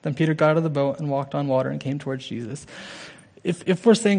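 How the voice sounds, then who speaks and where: A young man giving an informal, earnest sermon, halting with restarts and fillers. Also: on the high side, a little mellow.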